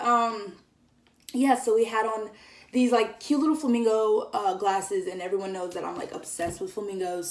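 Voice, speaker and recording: A woman's voice: medium pitch, a little mellow, far from the mic. A young woman tells a casual vlog story, chatty and giggly, with lots of fillers. She sits a bit back from the mic in an echoey room. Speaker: vlogger.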